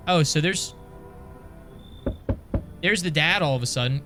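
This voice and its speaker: A man streaming a horror game, commenting loudly with excitable swearing outbursts. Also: fairly high pitch, a little slow, long pauses, faint music behind. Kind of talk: let's-play commentary.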